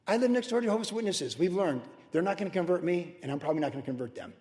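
A pastor in his sixties giving a sermon in a conversational, storytelling way with animated asides. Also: high voice, very fast, long reverb tail. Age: 60s.

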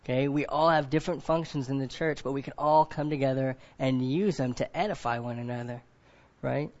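A man's voice: mid-range voice, steady tone, fairly quick, a little mellow, muffled recording. A man preaching a sermon to a group of men. He keeps asking them questions, often adds "right?", and acts out other people in quoted voices.

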